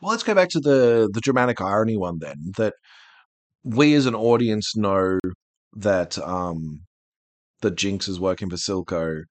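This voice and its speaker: Deep-voiced man rambling through casual podcast chat. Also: a little slow, no echo. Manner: rambling, animated, self-interrupting. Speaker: podcast host.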